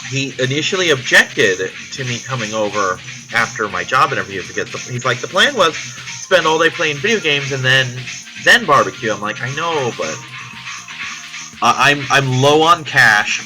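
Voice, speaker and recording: A man's voice: mid-range voice, lively intonation, normal speed, music in the background, low-quality recording. A man vlogging in a casual, rambling way, chatty and profane, telling a story about his week. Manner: profane, chatty, self-deprecating.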